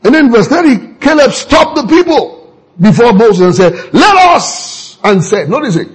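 Man, sermon, husky, lively rises and falls. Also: normal speed, rough recording. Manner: animated preaching, sudden jumps in pitch, repeated words for emphasis. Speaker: preacher.

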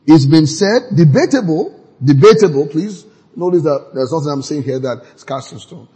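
A man preaching a sermon in an animated way, now and then shouting out quoted lines. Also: fairly high pitch, normal speed, slightly rough. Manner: animated, acts out quoted voices with sudden shouts. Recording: long hall reverb.

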